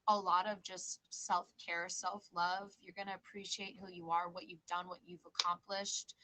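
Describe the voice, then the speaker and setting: A woman's voice: fairly low pitch, pushed and bright, poor audio. A woman hosting a live tarot show, chatting casually and reassuring her guests, calling them babe and girl. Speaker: tarot reader and show host. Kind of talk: casual live-stream chat and tarot reading.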